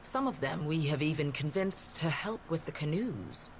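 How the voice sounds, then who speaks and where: A calm, grave tribal elder. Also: female voice, deep voice, a little hiss or hum. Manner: measured and grave. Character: calm, weathered older woman tribal leader. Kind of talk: game voice acting. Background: game music.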